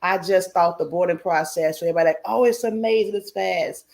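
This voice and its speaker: A woman's voice: fairly low pitch, fairly quick, gravelly, darkish tone. Chatty, frank woman hosting a live stream. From United States. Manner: chatty, frank, laughs often, greets chatters by name. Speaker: cruise vlogger hosting a live chat. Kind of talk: casual live-stream chat.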